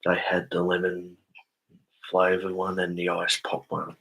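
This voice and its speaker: A man's voice: low voice, completely flat delivery, measured pace, creaky, a bit bright, husky, poor audio. A young Australian man on a casual live stream, reading viewer comments aloud and answering them.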